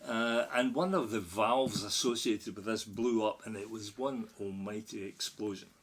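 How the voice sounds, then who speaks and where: A middle-aged Scottish man, a guest on a podcast, chats casually and tells an anecdote, getting more animated and laughing as it goes. His voice is fairly low and moderately paced, with a slight hiss or hum on the recording.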